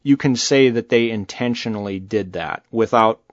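A man's voice: on the low side, moderate pace, dry recording, highs cut off. A man co-hosting a podcast, talking casually and bluntly, cursing freely. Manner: blunt, animated, swears freely. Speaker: podcast co-host. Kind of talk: casual political chat.

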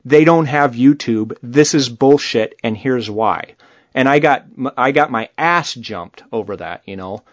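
Speaking at a measured pace with a medium pitch, a man co-hosts a podcast and chats casually about politics, blunt and animated, with free-flowing swearing. There's no echo in the recording.

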